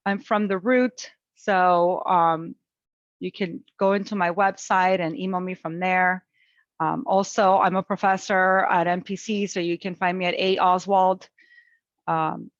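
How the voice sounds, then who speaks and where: A woman's voice: medium pitch, no echo. Woman, webinar presenter, encouraging, chatty, dull dry audio. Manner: warm encouraging, chatty with fillers. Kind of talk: webinar talk on parenting resilience.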